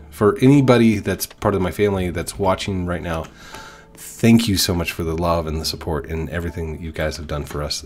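A young man with a stuffed-up nose giving rambling, nervous casual commentary while playing a game. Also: deep voice. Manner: chatty, rambling, nervous and self-deprecating. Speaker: gaming YouTuber.

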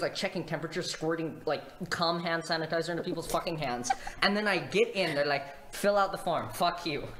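A man's voice: a little high, a bit bright, roomy sound, a little hiss or hum. A young man on a stream, telling a profane, exasperated story and laughing through it in a casual rant.

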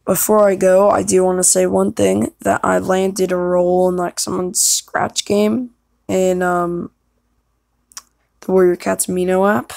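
A woman talking casually to her viewers in a flat, unhurried way. Her voice has a lot of vocal fry throughout, and she rambles and hesitates between thoughts. The sound is close and dry. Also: lowish voice, dry recording. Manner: rambling, hesitant, many pauses. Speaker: voice actor vlogger. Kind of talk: casual vlog chat.

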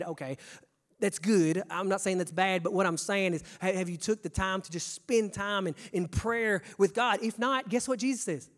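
A young man preaching a sermon, stammering on restarts and swinging from hushed to shouting. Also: high voice, normal speed. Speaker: pastor. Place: church sanctuary. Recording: long church reverb.

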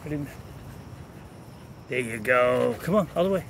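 A man's voice: mid-range voice, expressive, measured pace, gravelly, fairly bright tone, a little hiss or hum. A man vlogging casually while he trains his dogs, telling stories between short, firm commands. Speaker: dog trainer. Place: outdoors with dogs.

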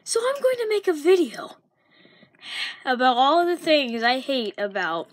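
A woman's voice: high-pitched, big pitch swings, measured pace. A woman vlogger ranting to camera in a frustrated, insulting way and swearing mildly. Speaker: gaming vlogger. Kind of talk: angry rant to camera.

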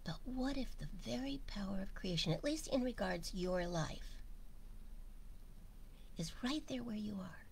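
A woman giving an informal spiritual talk, speaking slowly and musing aloud, often sinking to a near whisper. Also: medium pitch, lively intonation, creaky, a little mellow, a little hiss or hum. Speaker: spiritual teacher.

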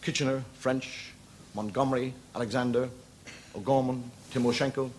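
A middle-aged Irish man doing stand-up, telling jokes in a wry storytelling manner and slipping into quick character voices. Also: mid-range voice, fairly even intonation, very noisy. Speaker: comedian.

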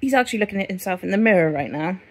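A woman's voice: mid-range voice, lively intonation, rapid-fire, a little mellow. Chatty woman talking to her dogs. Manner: rambling, talks sing-song to her dogs. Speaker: crochet vlogger. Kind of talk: casual chat to camera.

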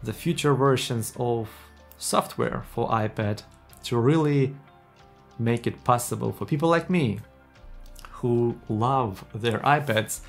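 Earnest man vlogging, soft guitar behind. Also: mid-range voice, slow pace, gravelly. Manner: non-native phrasing, earnest and enthusiastic. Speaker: tech YouTuber. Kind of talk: casual vlog talk to camera.

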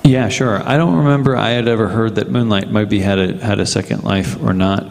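A man speaking casually as a guest on a convention panel, relaxed and hesitant with many fillers. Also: fairly low pitch, brisk, creaky. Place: large convention hall. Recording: reverberant convention hall PA.

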